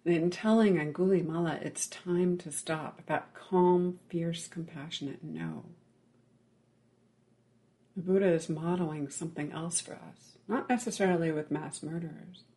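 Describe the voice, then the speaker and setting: A meditation teacher giving a Buddhist dharma talk, telling a legend in a measured way with many pauses, often checking in with "right?" and dropping to a near-whisper on key words. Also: medium pitch, fairly even intonation, dark tone.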